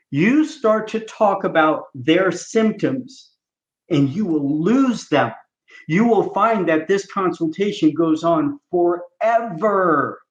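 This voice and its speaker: A man coaching chiropractors as a podcast guest, teaching emphatically and role-playing patient talks. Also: fairly high pitch. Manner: emphatic, coaching, asks if listeners follow. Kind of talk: teaching and role-play demonstration. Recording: roomy, dull lo-fi sound.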